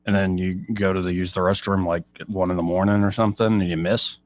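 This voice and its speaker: A man's voice: low voice, flat delivery, quick pace, slight background noise. A man hosting a casual radio talk show, joking and telling rambling stories. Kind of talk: casual chat.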